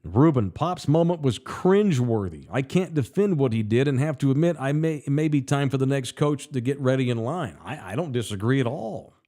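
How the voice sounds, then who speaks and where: A man's voice: medium pitch, expressive, a little fast, hardly any pauses, warm tone. A man hosting a sports talk show, ranting in a blunt, heated, profane way and reading out listener comments. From Texas. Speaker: sports radio host. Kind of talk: casual opinionated sports talk.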